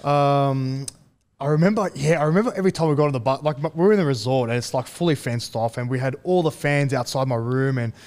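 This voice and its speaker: Laid-back man telling stories. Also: mid-range voice. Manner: relaxed, halting, chuckles often. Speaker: guest. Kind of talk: casual storytelling.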